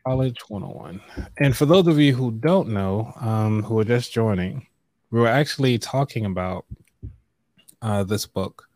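A man reading a book passage aloud during his live online money show keeps things casual, loose and relaxed, with plenty of fillers and throat clearing. The dry recording captures a fairly low voice at normal speed.

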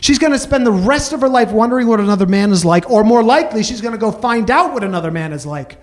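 A man telling a comic personal story on stage, rambling with halting restarts and self-mocking punchlines. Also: high-pitched, expressive, background noise.

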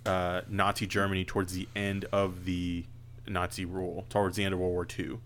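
A man co-hosting a casual podcast, animated and joking, quick to laugh. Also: deep voice. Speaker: podcast co-host.

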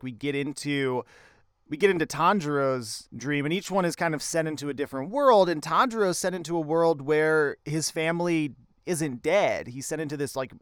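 A man's voice: mid-range voice, a bit bright, clear, resonant tone, no room sound, studio quality. A man in a casual anime discussion, speaking in an earnest, reflective and thoughtful way.

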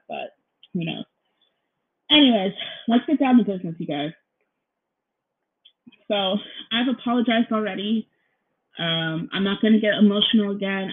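Rambling young woman on a tinny laptop mic. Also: fairly low pitch. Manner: rambling, apologetic, frequent ums and "you guys"; nervous, feels out of breath. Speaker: podcast host. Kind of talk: casual solo podcast chat. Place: her apartment. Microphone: laptop recording, headphones in. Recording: tinny phone-like laptop recording.

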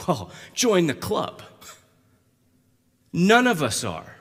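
A male pastor preaching a conversational sermon that rises to emphatic, loud passages. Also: medium pitch, lively intonation, normal speed. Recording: long hall reverb.

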